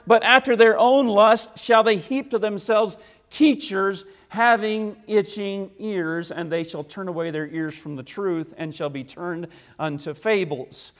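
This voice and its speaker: A man preaching a sermon, emphatic and repetitive, firing rhetorical questions and swinging between loud declarations and quiet asides. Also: a little high, lively intonation, normal speed. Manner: emphatic, repeats key phrases for force.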